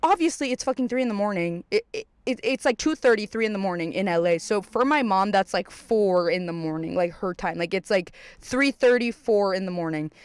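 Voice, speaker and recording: Talking fairly quickly with few pauses, a young adult podcast host recounts a story in a clear, resonant tone with no echo. It's casual and profane, full of fillers and reenacted past lines, rising high and loud when excitement hits.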